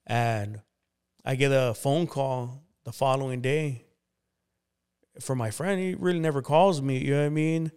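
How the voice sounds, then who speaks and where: A man's voice: medium pitch, a little slow, clear, resonant tone. A man, a pastor and interview guest, telling his life story casually with many fillers. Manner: relaxed, conversational, many fillers like "you know".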